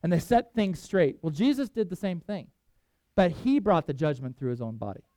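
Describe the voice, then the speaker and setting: A man preaching a sermon, reading scripture aloud with emphatic swings in loudness. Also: on the high side, expressive, moderate pace, no room sound. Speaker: pastor.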